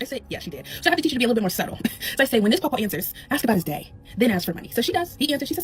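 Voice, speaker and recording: Woman, comedic storyteller mom, sassy, very quick, lively pitch, faint music behind. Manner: animated, sassy, acts out voices. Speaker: mother telling a story.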